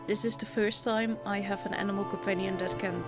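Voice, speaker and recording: A woman playing a video game and chatting softly and playfully as she goes. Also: medium pitch, steady tone, a little fast, over loud music. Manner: soft-spoken, chatty and playful. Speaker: gaming channel host. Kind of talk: casual game commentary.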